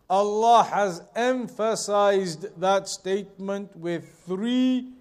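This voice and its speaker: A man teaching a scripture lesson, explaining each verse in a measured way and repeating key phrases for emphasis. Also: sits high, a little mellow. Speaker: religious teacher.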